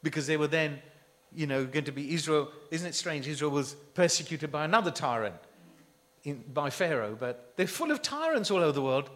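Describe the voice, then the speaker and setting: A man's voice: a little high, animated, brisk, a bit bright. A man preaching a sermon, emphatic and full of rhetorical questions to his listeners.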